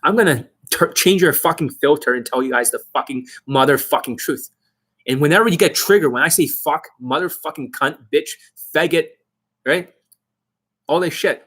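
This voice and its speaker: A man's voice: on the high side, normal speed, fairly bright tone, slightly rough. A man working as a dating coach, ranting aggressively and profanely on a livestream.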